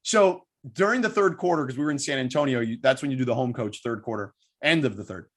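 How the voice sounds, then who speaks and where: A man, a sports broadcaster guest, telling stories in a quick, animated way in a casual interview. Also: mid-range voice.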